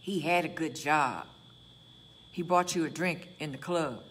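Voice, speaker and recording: A woman pastor with a Chicago accent preaching a lively, conversational sermon and acting out prayers and dialogue. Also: on the low side, moderate pace, slight background noise.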